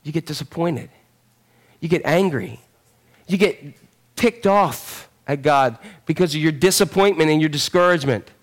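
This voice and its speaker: A sermon comes from a middle-aged man with a high, spirited voice, speaking at normal speed. Animated throughout, he calls out to his congregation and moves between loud and soft delivery.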